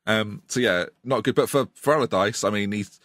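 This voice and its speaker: A man's voice: on the low side, moderate pace, a bit bright, no echo, studio quality. A man co-hosting a casual football podcast, wry and opinionated, with joking asides to the listeners. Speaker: podcast co-host.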